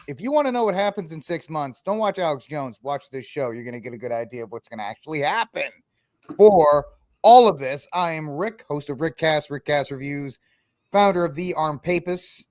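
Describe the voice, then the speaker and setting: A man's voice: a little high, lively intonation, normal speed, darkish tone, no echo. Joking, rambling man hosting a podcast. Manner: joking, rambling, laughs often. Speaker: show host. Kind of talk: casual podcast chat.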